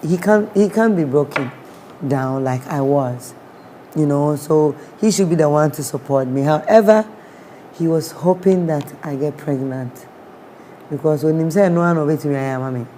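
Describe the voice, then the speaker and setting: A woman's voice: deep voice, unhurried, mellow, slight background noise. A woman with a Ghanaian accent, a guest sharing a personal story with feeling. She acts out what people said and mixes in Twi words.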